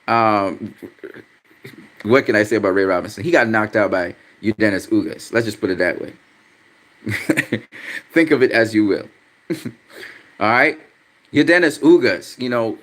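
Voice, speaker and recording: Hosting a laid-back livestream about boxing, this man reads viewer comments aloud and gets frustrated quickly, swearing often and speaking bluntly. His voice sits in the mid range with a fairly bright tone.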